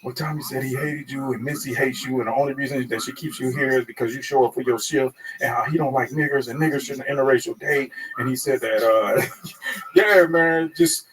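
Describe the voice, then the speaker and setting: A comedian telling a story in casual talk, crude and animated, acting out what others said. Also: male voice, mid-range voice, fairly quick, a little hiss or hum. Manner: animated, crude, acts out quotes. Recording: distant mic.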